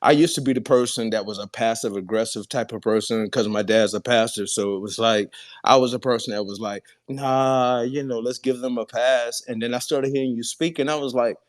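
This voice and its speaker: A man's voice: fairly low pitch, a little fast. Earnest male caller, Gullah Geechee accent. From Charleston, South Carolina. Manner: earnest, laughs often. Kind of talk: casual call-in chat.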